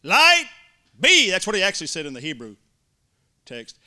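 Man, preacher, emphatic sermon, high clear ringing voice. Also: animated, quick pace, sharp tone. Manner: emphatic preaching, mimics complainers in little voices. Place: church before a congregation.

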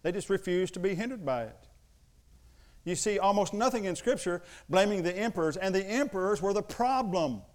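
A man's voice: sits high, expressive, fairly quick. A man preaching a sermon, telling personal stories and acting out the voices of his family. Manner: storytelling, acts out voices of family members. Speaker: pastor.

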